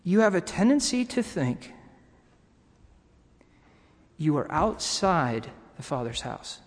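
Earnest pastor preaching in a reverberant hall. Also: male voice, a little high, sing-song. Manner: earnest, pausing, halting restarts. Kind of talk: sermon. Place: church sanctuary.

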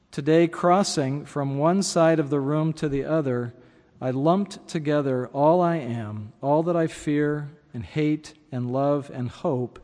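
A man reading a memoir passage aloud in a measured, reflective way, dropping his voice for quiet spoken asides. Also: on the high side. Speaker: speaker reading from a memoir and commenting. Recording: long hall reverb.

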